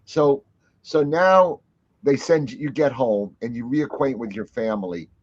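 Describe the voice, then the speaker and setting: A man's voice: mid-range voice, measured pace, muffled recording. A male podcast host who reacts to his guest with short exclamations. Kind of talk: podcast interview.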